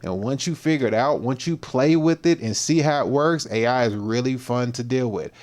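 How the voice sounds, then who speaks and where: A man's voice: medium pitch, moderate pace, darkish tone. A man hosting a fitness livestream, chatting casually in slang and greeting viewers by name.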